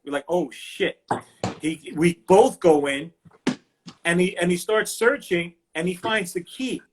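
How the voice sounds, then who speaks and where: A man's voice: high-pitched, measured pace, slight background noise. A man hosting a casual livestream chat, telling a profane story and acting out the quotes with lots of energy. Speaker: host. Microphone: livestream phone mic.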